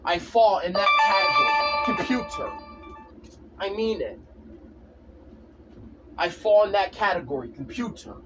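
A man's voice: high voice, animated, measured pace, pauses often, distant mic, music in the background. A man in a casual vlog, ranting insistently and repeating himself over and over. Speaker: vlogger. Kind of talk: casual rant to camera.

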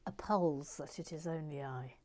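A woman's voice: deep voice, moderate pace, warm tone, a little hiss or hum. A woman hosting a casual building video, rambling along and dropping into muttered, whispered asides as she works. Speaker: host. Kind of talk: casual chat while building.

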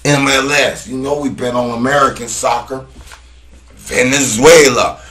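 A man hosting a sports betting channel, calling out team names in long, loud, high shouts between low mumbled asides, slangy and casual. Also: moderate pace. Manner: slangy, keeps saying "boy".

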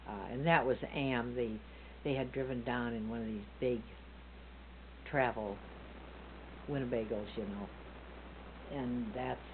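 Older woman with a very low voice, rambling. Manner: rambling, self-correcting, laughs often. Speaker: family storyteller. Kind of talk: casual reminiscing. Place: front porch, outdoors. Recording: tinny phone-like sound with faint hum.

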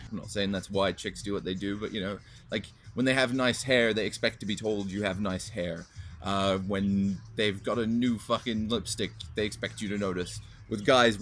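A man's voice: lowish voice, sharp tone. A young man hosting his own video channel, ranting bluntly and swearing freely as he answers a fan's question. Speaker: vlog host answering fan questions. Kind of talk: casual profane rant to camera.

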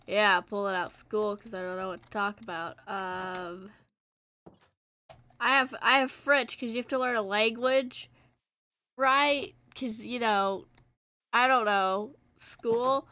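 A woman's voice: mid-range voice, takes it slowly, pushed and bright, no echo. A teenage girl streaming a game, chatting casually in a rambling, self-deprecating way. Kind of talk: casual gameplay chat.

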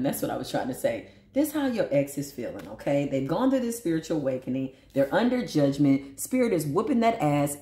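Woman, tarot reader, laughing, chatty, swooping pitch, echoey room. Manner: animated, laughing often, big pitch swings, talks to spirit and viewers. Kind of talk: casual tarot reading.

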